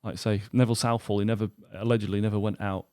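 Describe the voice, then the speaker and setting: A man, co-hosting a goalkeeper podcast and telling an animated night-out story with lots of acted quotes. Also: lowish voice, racing, no echo, clean studio sound. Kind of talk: casual chat, telling a story.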